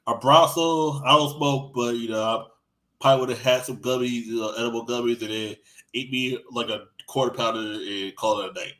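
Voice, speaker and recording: A man's voice: medium pitch, steady tone, fairly quick, low-quality recording. Crude rambling man on a podcast. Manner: crude, rambling storytelling with lots of restarts; acts out quoted voices, swinging loud and soft. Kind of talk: casual podcast chat.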